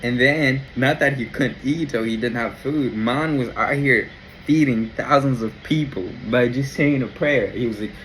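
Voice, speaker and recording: A man giving a casual, excited faith reflection, telling the story in slangy everyday talk and exclaiming in wonder. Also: mid-range voice, normal speed, slight background noise, rough recording. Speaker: Christian vlogger.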